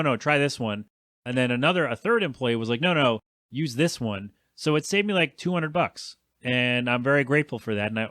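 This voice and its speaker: A man's voice: mid-range voice, a bit bright, no echo, studio quality. A man in his thirties hosting a solo podcast, rambling in a chatty, self-deprecating way and answering his own asides. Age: 30s. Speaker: podcast host.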